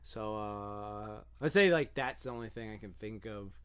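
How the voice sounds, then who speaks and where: A young man co-hosting a podcast in casual chat, laid-back and soft-spoken with lots of fillers. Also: on the low side, normal speed, clean tone. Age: young adult. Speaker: podcast co-host.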